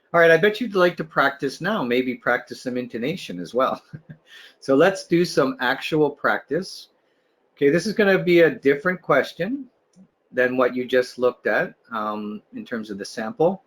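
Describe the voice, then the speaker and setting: A man leading a test-prep webinar, explaining scoring and giving tips, with frequent fillers, restarts and a checking "right?". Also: mid-range voice. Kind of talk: webinar teaching.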